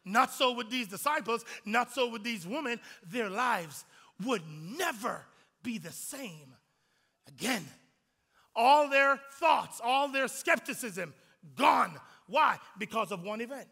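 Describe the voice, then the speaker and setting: A man preaching an Easter sermon to his congregation, swinging from hushed whispers to shouts and acting out the voices of the people in his story. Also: extremely high pitch, animated, slow, creaky, in a large hall. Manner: acts out quoted voices of disciples and Jesus. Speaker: pastor.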